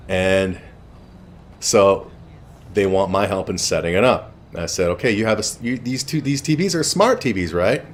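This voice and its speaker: A man's voice: fairly low pitch, animated, normal speed, a little hiss or hum. A man telling a rambling personal story in a blunt, casual way with frequent swearing, while streaming a game. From Canada.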